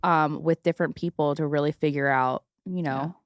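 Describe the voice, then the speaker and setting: Mom podcast host, 30s, blunt chatty, laughs a lot, lowish voice, dry mic. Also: female voice, fairly even intonation, moderate pace, no echo. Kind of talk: casual chat.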